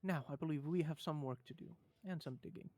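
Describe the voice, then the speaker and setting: A man's voice: on the high side, brisk, darkish tone, no room sound, soft background music. A man playing a tabletop game in character as a smug, commanding boss. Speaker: player.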